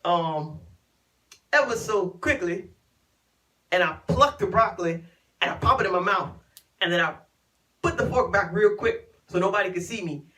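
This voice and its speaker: A woman's voice: medium pitch, expressive, normal speed, pauses often, fairly bright tone, recorded from a distance, rough recording. A woman from Chicago, hosting a live stream and telling a casual story to her viewers, laughing often and acting out what people said. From Chicago, USA. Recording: voice sounds from away from the mic.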